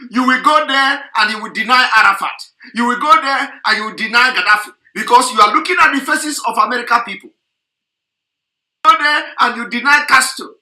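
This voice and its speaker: A man's voice: very high voice, brisk, bright, forceful tone, echoey room. A man delivering a heated, repetitive, scolding political rant on an online radio broadcast.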